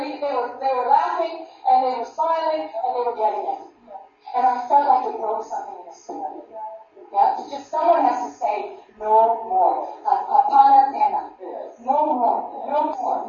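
An American woman preaching an impassioned sermon, fervent, repeating phrases and breaking into shouts, recorded from a distance on a dull lo-fi mic. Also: high voice, a little hiss or hum. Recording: distant, dull lo-fi in echoey room.

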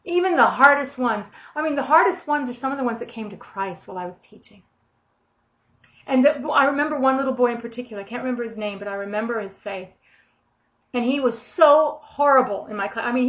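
Animated woman preaching, dull lo-fi sound. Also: fairly high pitch, a little fast. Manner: animated, acts out quoted voices with big swings in loudness. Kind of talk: informal sermon. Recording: dull lo-fi recording.

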